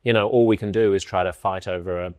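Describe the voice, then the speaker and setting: A podcast host with a very low voice who puts his points fluently and analytically. His voice is recorded close and dry, with no room echo. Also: fairly even intonation, quick pace. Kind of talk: casual interview. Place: indoor room in London.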